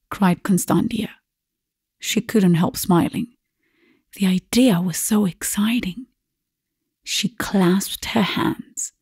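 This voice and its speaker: A woman reads a classic story aloud in a slow, measured audiobook narration. Her voice is gravelly and a little husky, mellow in tone, and recorded dry and close. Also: medium pitch, fairly even intonation, dry recording, in a whisper.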